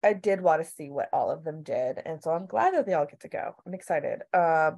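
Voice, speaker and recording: A woman in casual chat recapping a TV show, animated and swearing freely as she acts out quotes. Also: low voice, a little fast, vocal fry. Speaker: podcast co-host.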